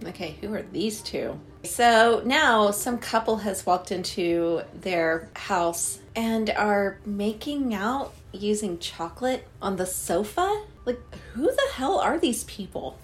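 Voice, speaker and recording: A woman's voice: medium pitch, expressive, slow pace, hardly any pauses, a little hiss or hum. A woman giving a running, wry, sarcastic commentary while watching a movie.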